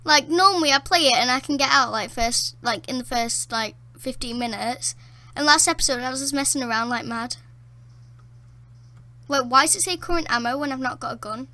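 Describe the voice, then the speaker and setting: A high-pitched woman narrates her gameplay in a casual, rambling way, with a bright, sharp edge to her voice. She gets excited easily, gasping, laughing and exclaiming as she plays. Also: fairly quick. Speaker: gameplay commentator. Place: at home in a dark room.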